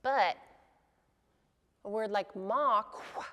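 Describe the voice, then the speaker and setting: Patient lady teaching sounds, bit of fry in her voice, long echoey reverb around her. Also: mid-range voice. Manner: patient, explains slowly, models words repeatedly. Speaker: language teacher. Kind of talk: pronunciation lesson.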